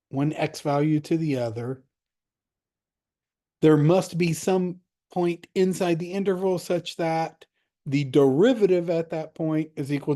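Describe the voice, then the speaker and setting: A man's voice: a little high, mellow. A man teaching calculus in a casual, direct way, walking through the steps of an assignment. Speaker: math teacher.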